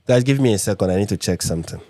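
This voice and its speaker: A man's voice: lowish voice, lively intonation, racing, noisy background. A man from Nigeria hosting a live reaction stream, repeating his points with emphasis and many fillers. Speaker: livestream host.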